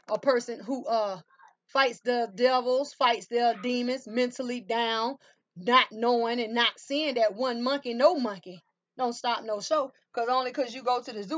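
A woman's voice: high voice, fairly bright tone, dull audio. A woman reading tarot cards for viewers, emphatic and full of rhetorical questions, calling them baby and honey. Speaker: tarot reader. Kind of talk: tarot card reading to camera.

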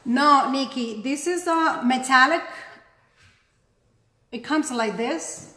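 A woman's voice: sits high, slow, pushed and bright, roomy sound. Chatty woman with a non-native accent. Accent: non-native English accent. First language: not English. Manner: chatty, self-deprecating, talks while working. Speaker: craft tutorial host. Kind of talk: casual painting tutorial.

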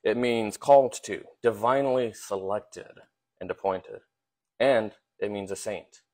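A man with a fairly low voice preaches a sermon in a relaxed, conversational way. He often stops on fillers and repeats words as he finds his phrasing. He asks his listeners rhetorical questions. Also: unhurried.

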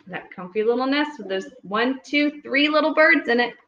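A woman reading picture books aloud to young children at home, pausing gently to ask them questions. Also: high voice, expressive. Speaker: storytime reader. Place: home room with children nearby. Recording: echoey room, dull lo-fi audio.

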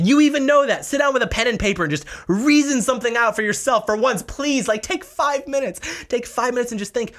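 Brief: male vlog host, quick, sarcastic rant, slightly high voice. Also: fairly bright tone. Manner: sarcastic, mocking. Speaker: political commentary host.

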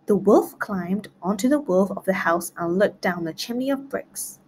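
A woman reads a children's rhyming storybook aloud at a middle pitch, clear and steady in its rhythm. Faint background noise sits under her voice. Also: normal speed. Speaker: storybook reader. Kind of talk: children's read-along narration.

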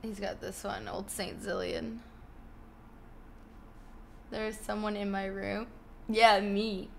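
A woman's voice: mid-range voice, lively intonation, slow pace, creaky, slight background noise. A young woman chatting casually on a live stream from her bedroom, swearing and thanking subscribers while fighting hiccups. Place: home bedroom.

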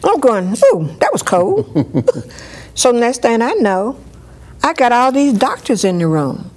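A woman telling a personal story in an interview, lively, and she acts out what others said. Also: fairly high pitch, takes it slowly. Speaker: storyteller sharing her life.

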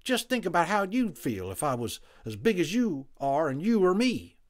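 A man's voice: on the high side, sing-song, normal speed, pitched above the performer's own voice. A man doing a grumpy hungry cowboy.

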